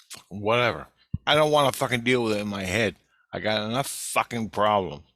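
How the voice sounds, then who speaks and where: A man's voice: lowish voice, moderate pace, pauses often, a bit bright, dry recording. A man giving a rambling, profane spiritual video update in an agitated way. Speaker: vlogger.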